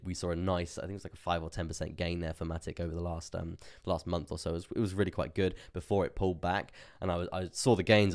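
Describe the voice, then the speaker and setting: Low-voiced young man, chatty. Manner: chatty, laughs often, repeats words, reads chat aloud. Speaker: crypto livestream host. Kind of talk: casual live market commentary.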